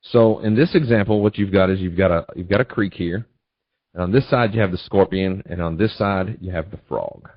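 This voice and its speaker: Low-voiced guy running a trading webinar, folksy and repetitive, dry lo-fi audio. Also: a little fast, no room sound. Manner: folksy storytelling, repetitive asides. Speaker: trading educator. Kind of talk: webinar presentation.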